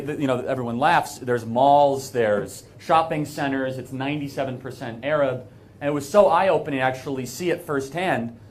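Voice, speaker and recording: A man's voice: medium pitch, a little hiss or hum. An American man speaking as a guest speaker to a live audience, earnest and emphatic, with frequent fillers and restarts.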